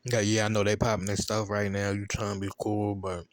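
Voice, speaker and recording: Man, low voice, AAVE, casual profane show-review rant, laughs easily. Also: monotone, a little fast, no echo. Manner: loose, chatty, profane storytelling with laughs.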